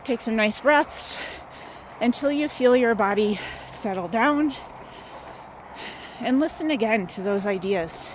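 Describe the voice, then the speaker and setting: Woman wellness host, slightly higher voice, a bit winded, gentle encouraging pep talk on a phone outdoors, faint outdoor hum behind. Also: animated, takes it slowly, long pauses. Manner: gentle, encouraging, guiding with questions. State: out of breath from walking. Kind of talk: motivational talk to viewers. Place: outdoors in the sun.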